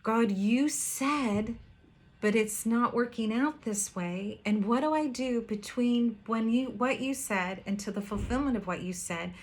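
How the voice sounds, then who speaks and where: A woman pastor preaching a heartfelt, earnest sermon, with pauses and some hesitations. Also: fairly high pitch.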